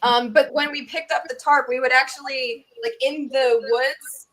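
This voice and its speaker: A Southern US woman talks in a bright, high voice. She chats in a casual video podcast, animated and eager, often breaking into quick asides as she explains. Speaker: guest tick researcher.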